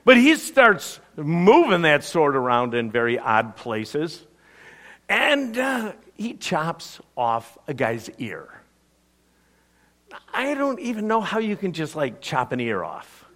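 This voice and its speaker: Male preacher, energetic storyteller, higher voice with wide pitch swings. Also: slow. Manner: lively storyteller acting out quotes. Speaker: pastor. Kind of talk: sermon storytelling.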